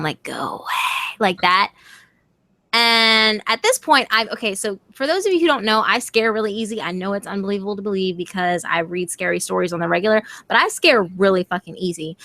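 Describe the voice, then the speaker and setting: A young woman telling a scary story to her stream in a casual, animated way, swearing freely. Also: medium pitch, no echo. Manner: animated, swearing, quotes friends in voices.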